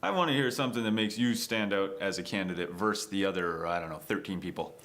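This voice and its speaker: A man hosting an interview, asking questions in a casual, halting way with filler words. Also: low voice, a bit bright. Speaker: interviewer host.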